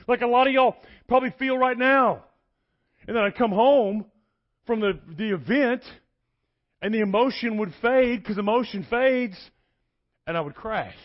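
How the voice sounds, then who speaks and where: A middle-aged man, preaching an energetic, folksy sermon in a church and joking with the congregation. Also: sits high, dull audio. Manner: folksy, animated, joking with the crowd.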